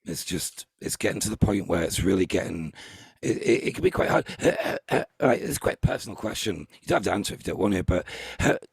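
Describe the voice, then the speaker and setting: A man hosting a casual group chat, talking in halting bursts full of restarts. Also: deep voice, very animated, creaky, slightly rough, no echo. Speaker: host.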